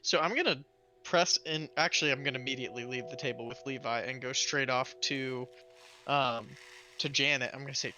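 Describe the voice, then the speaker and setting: A man playing a tabletop role-playing game, talking in a playful, animated way. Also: medium pitch, brisk, a little hiss or hum. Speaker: player. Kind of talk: casual tabletop play.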